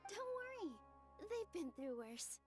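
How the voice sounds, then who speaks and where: A woman's voice: extremely high pitch, sing-song, unhurried, over music, heavily acted. A woman voicing a confident young dancer who speaks in a sweet, reassuring way.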